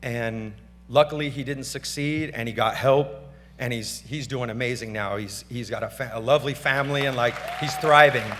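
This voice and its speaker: At a gala in a big banquet hall, a middle-aged award speaker talks into the stage mic at a normal speed, his mid-range voice fairly bright. The speech is unscripted, slangy and relaxed, full of thanks to family and friends, and the recording has hall reverb and a faint hum.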